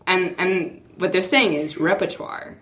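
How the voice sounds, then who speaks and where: Lowish woman explaining words, casual. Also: unhurried, crowd noise. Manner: explanatory, repeats words while thinking. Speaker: podcast co-host. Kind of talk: casual chat.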